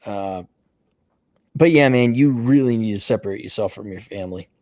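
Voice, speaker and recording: A man hosting an advice show, ranting bluntly and profanely, his voice jumping between high mocking outbursts and low mutters. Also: moderate pace, a little mellow, no echo, clean studio sound. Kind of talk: profane advice livestream rant.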